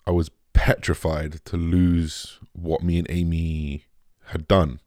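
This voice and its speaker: A young man talking candidly and emotionally to his viewers, halting often, restarting sentences and swearing. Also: sits low, flat delivery, darkish tone, dry recording, studio quality. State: emotional, shaken. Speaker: vlogger. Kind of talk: candid personal talk to camera.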